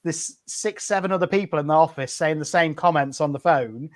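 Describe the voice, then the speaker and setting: A man's voice: on the high side, brisk. Chatty British man hosting a livestream. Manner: chatty, anecdotal, laughs easily. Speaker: livestream host. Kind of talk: casual chat.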